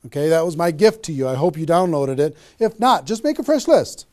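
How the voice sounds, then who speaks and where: A man's voice: a little high, expressive, a little fast, a little mellow. A man giving a motivational sales training talk, emphatic and repetitive, often checking in with "okay?". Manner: emphatic, repeats key phrases, frequent "okay?" check-ins. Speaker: network marketing trainer.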